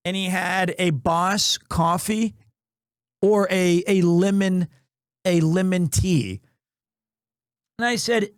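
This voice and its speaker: Male streamer, high voice, dry close sound, lively storyteller who mixes in Japanese phrases. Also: slow, long pauses, smooth, no echo. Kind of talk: casual live-stream chat.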